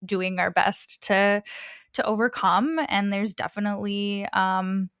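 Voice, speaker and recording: A young woman in a relaxed interview, bouncing through her stories with bursts of laughter. She voices the people in her stories with playful lifts. Her sound is dry and close, with no room around it. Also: mid-range voice, measured pace, clean tone, no echo. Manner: animated, acts out quoted dialogue with laughter. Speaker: guest, spiritual reader. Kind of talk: casual interview chat.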